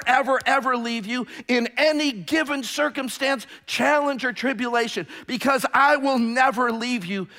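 High-voiced emphatic male preacher, hall reverb. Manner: swings from hushed to shouting, emphatic repetition. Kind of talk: sermon.

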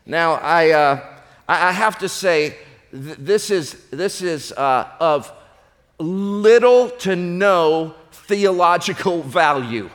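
High-voiced male pastor in an echoing hall. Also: takes it slowly. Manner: storytelling with a joke, animated voices for characters. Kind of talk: sermon.

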